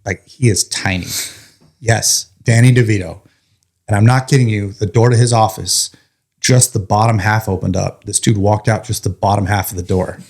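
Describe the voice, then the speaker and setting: A man's voice: fairly low pitch, normal speed. A man, a firefighter, telling his story in a casual chat, joking and acting out what people said. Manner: animated, joking, acts out quotes. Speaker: firefighter guest.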